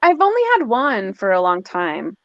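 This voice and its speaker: A woman's voice: medium pitch, very animated, moderate pace, no echo. A woman author chatting casually in a live video call, laughing often and acting out what others said. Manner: chatty, laughing, acts out quotes. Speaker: guest author. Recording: dull, lo-fi dry audio.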